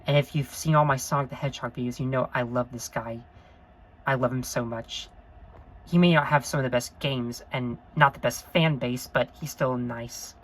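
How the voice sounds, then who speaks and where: Lady vlogger w a really deep voice, rambly n emotional, keeps saying sorry. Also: fairly even intonation, moderate pace, poor audio. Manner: earnest, rambling, apologetic; emotional, gushing. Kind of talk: unscripted review vlog.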